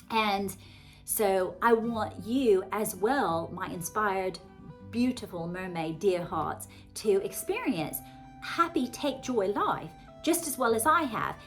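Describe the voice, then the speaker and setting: A woman in her forties talks in a rambling, gushing way, full of little fillers. Her Southern American twang sits under a deliberate British RP polish, at a middling pitch. Soft music plays faintly behind her. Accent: American Southern with a put-on British RP polish. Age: 40s. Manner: gushing, effusive, chatty with many fillers. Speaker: author and vlogger. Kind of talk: rambling casual monologue to viewers.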